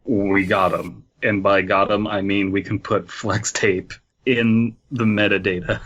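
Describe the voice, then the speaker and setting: A man's voice: on the low side, little pitch movement, unhurried, a bit bright. A man co-hosting a casual podcast, joking and laughing through his lines. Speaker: podcast co-host. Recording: slightly dull mic sound.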